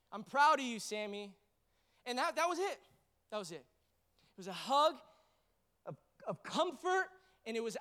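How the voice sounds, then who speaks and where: A man's voice: extremely high pitch, sharp tone. A man in his thirties preaching a sermon in a church, telling earnest, rambling, emotional stories full of fillers. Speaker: pastor. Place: church service.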